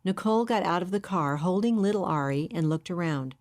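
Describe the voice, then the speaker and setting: Low-voiced woman reading a novel. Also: lively intonation, a little fast, darkish tone. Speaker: audiobook narrator. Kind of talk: scripted narration.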